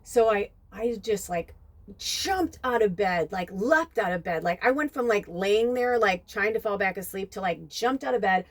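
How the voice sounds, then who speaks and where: A woman hosting a podcast, talking in a rambling casual monologue full of "like" and "you know", turning animated when she retells scenes. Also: medium pitch, moderate pace. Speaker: podcast host.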